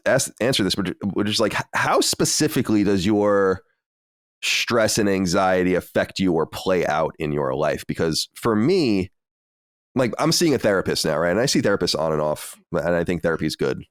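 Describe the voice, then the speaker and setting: A man co-hosting a podcast, talking quickly and earnestly in a reflective, casual chat. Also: deep voice, lively intonation, no room sound, studio quality. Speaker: podcast co-host.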